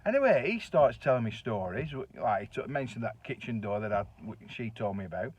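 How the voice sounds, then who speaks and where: A man's voice: medium pitch, sing-song, brisk, breathy edge. A middle-aged man with a Northern English accent, telling a colloquial, chatty anecdote with the odd swear word. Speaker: storyteller. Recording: dull, dry lo-fi recording.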